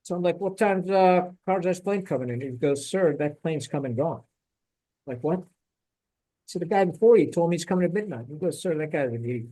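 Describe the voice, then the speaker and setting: A middle-aged man in a relaxed podcast conversation, spinning a military yarn with lots of energy. His voice sits a bit high for a man, and he slips in quick impressions of the people in his story and swears casually as he goes. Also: low-quality recording. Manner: animated storyteller, acts out quotes, swears. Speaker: podcast host, former Marine officer.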